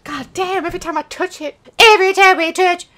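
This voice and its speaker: A woman gamer at home giving frustrated commentary on a game, swearing and shouting often. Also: very high-pitched, fairly even intonation, fairly quick. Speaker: let's play gamer.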